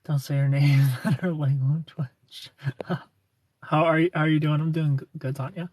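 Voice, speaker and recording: A man's voice: fairly high pitch, steady tone, moderate pace, darkish tone, husky. A man hosting a casual livestream, greeting viewers and answering their comments in a playful, teasing, flirty way.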